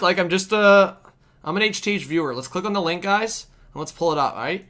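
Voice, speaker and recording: Bright-voiced excitable young man streaming hockey. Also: high voice, brisk. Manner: excitable, shouts at big plays, chats with viewers. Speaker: live stream host. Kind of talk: hockey play-by-play and chat.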